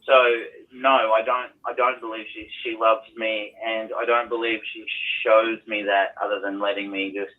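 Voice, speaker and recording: A man's voice: fairly low pitch, flat delivery, moderate pace, few pauses. A man calling into a talk show, rambling about his home life with many restarts. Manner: rambling, restarts, quotes others in put-on voices. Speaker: caller. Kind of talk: phone-in call, personal story. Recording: tinny phone line.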